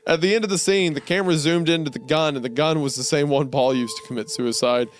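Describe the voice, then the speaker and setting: A young man's fairly high, steady voice moves briskly as he reads a spooky story for a comedy podcast he co-hosts. He laughs often and giggles in the middle of sentences.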